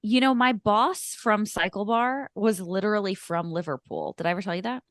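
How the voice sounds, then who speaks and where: A woman's voice: medium pitch, moderate pace, no echo, clean studio sound. A woman co-hosting a podcast, chatting casually and rambling with frequent laughs. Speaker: podcast co-host. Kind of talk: casual chat.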